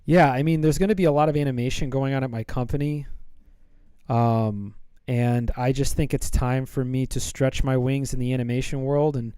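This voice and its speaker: A man's voice: medium pitch, steady tone, normal speed, warm tone, clean tone, no echo. A man chatting casually on a live stream while he draws, rambling and playful as he thinks aloud.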